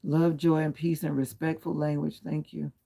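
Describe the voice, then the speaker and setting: Very gravelly, husky man on a livestream. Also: fairly high pitch, little pitch movement, moderate pace, dark tone. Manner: chatty, answers viewer comments one by one; firmly polite about clean language. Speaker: livestream host. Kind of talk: casual livestream chat. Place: at home, lying back with pillow and comforter.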